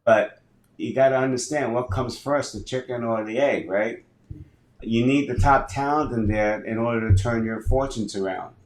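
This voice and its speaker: A man's voice: mid-range voice, moderate pace. A man in his sixties, a guest on a podcast interview, talking with energy and acting out dialogue in his stories. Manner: energetic storyteller who acts out dialogue. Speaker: guest, business advisor and speaker. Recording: roomy echo.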